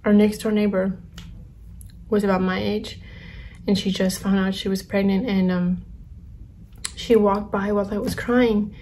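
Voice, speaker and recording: A young woman vlogger telling a personal story in a soft, halting way that often sinks to a whisper. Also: medium pitch, level tone, a little hiss or hum.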